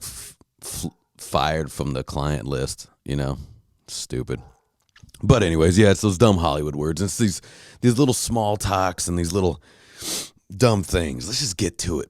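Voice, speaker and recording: A man's voice: extremely low pitch, a little mellow, dry recording, clean studio sound. A man hosting a podcast, telling a heated story in a blunt, profane casual rant. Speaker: podcast host.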